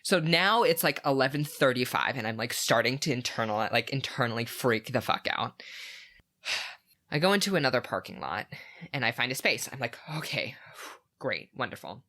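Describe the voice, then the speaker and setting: A man co-hosting a casual podcast, recounting a story with animated energy. His voice is bright and forward. He leans on lots of "like" fillers. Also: mid-range voice, normal speed. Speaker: podcast co-host.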